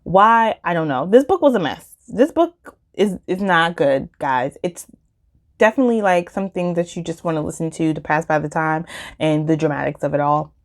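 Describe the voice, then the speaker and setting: A woman chatting casually about books she listened to, with lots of fillers and emphatic jumps in pitch. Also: moderate pace. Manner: chatty and animated, many fillers like "like" and "um". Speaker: book vlogger. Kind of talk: casual book review chat.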